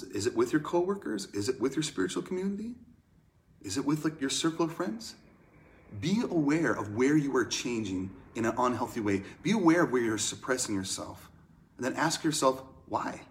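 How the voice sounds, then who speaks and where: A man preaching a sermon in a conversational way, swinging from loud emphatic lines to hushed ones. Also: mid-range voice. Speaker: pastor.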